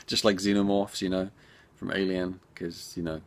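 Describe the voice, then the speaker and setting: An indie game developer answers viewer questions in a casual Q&A, chatting and rambling as he speaks directly to his audience. His voice is low and level, and his pace is measured.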